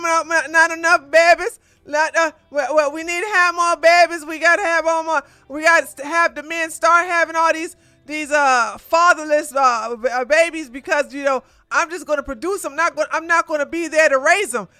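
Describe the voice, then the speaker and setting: A woman doing a mocking impression of a pushy billionaire who demands more babies, rambling quickly. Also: very high voice, steady tone, pushed and bright, dry recording, voice pushed up.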